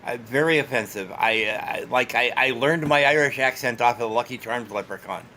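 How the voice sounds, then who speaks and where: A man's voice: medium pitch, fairly quick, pushed and bright, slight background noise. A man chatting casually on a podcast, joking about himself. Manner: self-mocking, joking. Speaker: podcast co-host. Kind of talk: casual chat.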